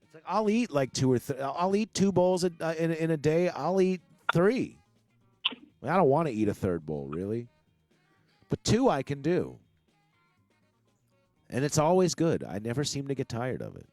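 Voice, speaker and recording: A man's voice: fairly high pitch, very animated, normal speed, pauses often, darkish tone, no echo, faint music behind. Rambling man hosting a casual chat. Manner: rambling, many fillers and restarts. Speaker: podcast host.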